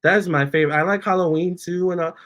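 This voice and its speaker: Animated guy w a higher voice, chatting on his livestream, talks to his cats a lot. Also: quick pace. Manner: chatty and animated, reads viewer comments aloud, coos at his cats. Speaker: tarot reader and channel host. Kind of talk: casual livestream chat.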